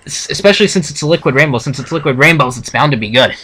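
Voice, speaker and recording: A man's voice: fairly high pitch, animated, very fast, pushed and bright, husky, poor audio. A young man reading a fan story aloud with a co-host, casual and stumbling, correcting himself. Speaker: fanfiction reader, co-host. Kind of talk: casual read-aloud reaction.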